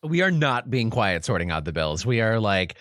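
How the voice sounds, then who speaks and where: A man's voice: on the low side, sing-song, moderate pace, fairly bright tone, dry recording, clean studio sound. A man playing a tabletop game, bickering and backtracking apologetically. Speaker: player. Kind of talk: in-character tabletop play.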